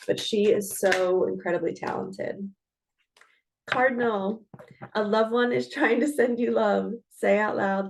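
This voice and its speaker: A woman's voice: mid-range voice, steady tone, measured pace, gravelly, a little hiss or hum. A middle-aged woman, a spiritual coach, chatting casually and earnestly as she reads oracle cards, laughing now and then. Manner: chatty and earnest, laughs often, self-talk asides.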